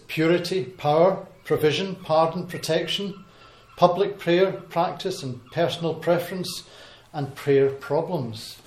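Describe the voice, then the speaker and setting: A man giving an informal Bible talk to a congregation, pausing often with ums and restarting his sentences. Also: a little high. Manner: hesitant, many ums and restarts. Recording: echoey hall with faint noise.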